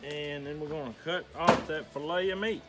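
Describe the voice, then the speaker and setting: A man's voice: a little high, steady tone, normal speed. Middle-aged man, folksy how-to talk, easygoing, step by step, music underneath. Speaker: homestead channel host. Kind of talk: how-to demonstration.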